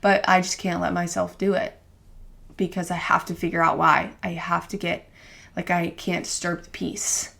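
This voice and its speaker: A woman's voice: fairly low pitch, level tone, normal speed, vocal fry, fairly bright tone. A young woman co-hosting a podcast, talking through her feelings in casual, rambling chat full of "like" fillers. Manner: rambling, heavy use of "like" fillers; earnest, openly emotional self-reflection. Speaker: podcast co-host.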